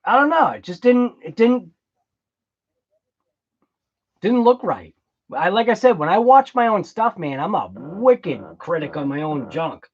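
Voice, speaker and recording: A man's voice: high voice, big pitch swings, normal speed, muffled recording. A man with a US East Coast accent hosting a casual remote-control hobby livestream, chatting and reacting to viewer comments. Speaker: RC livestream host.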